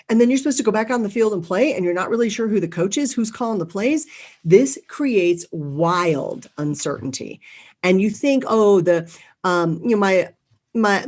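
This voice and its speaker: A middle-aged woman giving a motivational talk on leadership, lively and acting out quoted people. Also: medium pitch. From United States. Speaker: leadership speaker.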